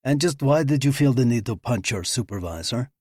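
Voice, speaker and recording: A man's voice: medium pitch, animated, brisk, darkish tone, dry recording, lightly acted. A man voicing an agent leading his team in a dry, commanding way.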